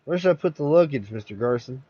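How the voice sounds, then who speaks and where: A man voicing a gruff, scheming male sidekick swindler, impatient and snappish. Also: medium pitch, animated, fast, mellow, muffled recording.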